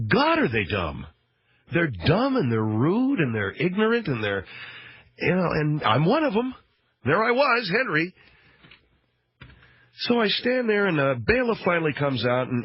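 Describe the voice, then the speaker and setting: A man's voice: fairly high pitch, slightly rough, dry recording. Wry, sardonic radio host man. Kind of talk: comic storytelling monologue. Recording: dull lo-fi radio sound.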